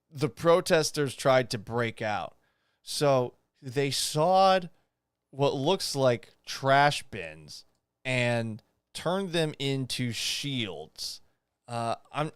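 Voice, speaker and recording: On his casual commentary podcast, a young host with a smooth voice reads items aloud and mocks them, sarcastic, swearing and incredulous. Exasperation sends his pitch jumping up. The audio is studio quality with no echo.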